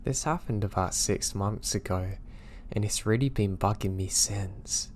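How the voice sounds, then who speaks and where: A man narrating true scary stories in a steady, low-key storytelling voice. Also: a little slow, slight background noise. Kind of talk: scripted narration of listener stories.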